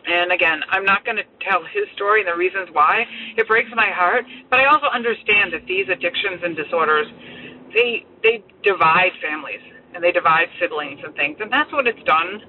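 A middle-aged mother speaking heartfelt and candid, rambling through restarts as she shares family news. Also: lowish voice. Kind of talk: candid personal monologue. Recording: tinny phone-like sound, faint vehicle noise.

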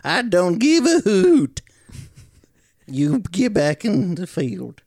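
A man's voice: high voice, huge pitch swings, takes it slowly, darkish tone, no echo, studio quality, pitched above the performer's own voice, exaggerated voice. A man voicing a folksy old country man with a put-on Southern accent and a whistly voice.

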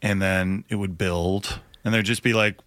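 A man's voice: low-pitched, steady tone, moderate pace, fairly bright tone, no room sound. A male sports radio co-host talks close to a studio mic with a dry, deadened sound. His delivery is casual and wry, wandering into joking asides. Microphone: studio microphone.

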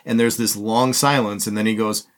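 A man co-hosting a casual podcast about film, talking in a relaxed way with many pauses and filler words. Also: fairly low pitch. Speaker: podcast co-host. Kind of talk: casual film-review chat.

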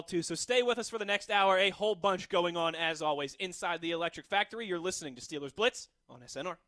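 A man's voice: on the high side, steady tone, brisk, hardly any pauses, sharp tone, no room sound. A man hosting a sports talk radio show from a studio, upbeat, jokey and chatty. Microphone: studio microphone.

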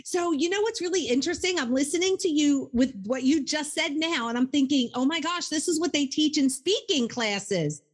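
A woman's voice: sits high, normal speed, few pauses. A woman hosting a podcast interview, reacting with enthusiasm to her guest. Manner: enthusiastic, responsive.

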